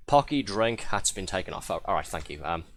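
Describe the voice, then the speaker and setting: A man's voice: low-pitched, lively intonation, brisk, a bit bright. A man doing live gameplay commentary, chatty and a bit flustered, laughing often as he reads out viewer messages. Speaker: streamer.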